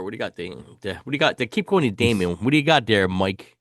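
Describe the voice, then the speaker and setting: A man's voice: fairly low pitch, lively intonation, fast, fairly bright tone, dry recording, studio quality. A man hosting a casual album review chat, enthusiastic and swearing casually as he hands rankings to his co-host. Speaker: podcast host.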